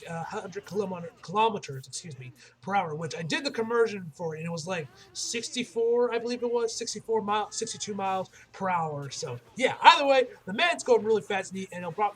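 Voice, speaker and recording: A man's voice: high-pitched, fairly bright tone. A young man recapping an anime episode in casual talk, rambling with many restarts and self-corrections. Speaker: anime reviewer.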